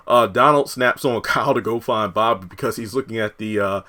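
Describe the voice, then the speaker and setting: A man's voice: on the low side, moderate pace, sharp tone. A man reviewing a TV episode, recapping the plot in a loose, rambling way with frequent fillers and restarts.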